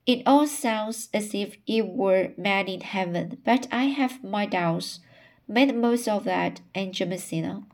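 A woman's voice: medium pitch, unhurried, darkish tone, natural voice. A woman reading the lines of a wry older aunt who doubts what she hears.

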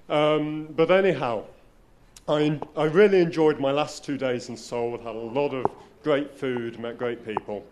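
A man telling a personal story at a live spoken-word night, wry and self-deprecating, often restarting his sentences. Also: mid-range voice.

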